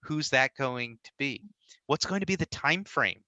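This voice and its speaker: A man speaks as an interview guest, walking through advice with steady confidence and a rhetorical "right?" now and then. His voice is very bright and forward. The sound is dry and close, with no room around it. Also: mid-range voice, normal speed, dry recording, dull audio. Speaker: nonprofit merger consultant, guest. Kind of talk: conversational interview answers.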